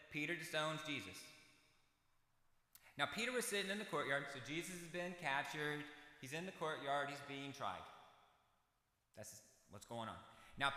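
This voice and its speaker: A bright, forceful American man delivers a church sermon, moving between scripture reading and folksy, chatty asides. His slightly high voice rings out through a roomy church hall with a long reverb. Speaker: preacher. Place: church sanctuary.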